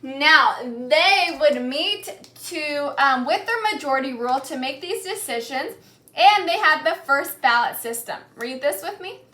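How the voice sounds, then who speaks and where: A woman teacher giving a classroom lesson, speaking slowly and clearly and repeating key words for the class to echo back. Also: sits high, lively intonation, sharp tone. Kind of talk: classroom lesson with call-and-response reading.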